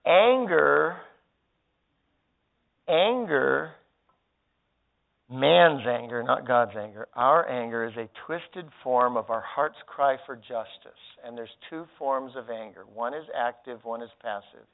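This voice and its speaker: A man who is a pastor, teaching a seminar in front of an audience and acting out quoted thoughts, swinging from loud outbursts to hushed words. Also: medium pitch, takes it slowly, vocal fry. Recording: tinny phone-like sound.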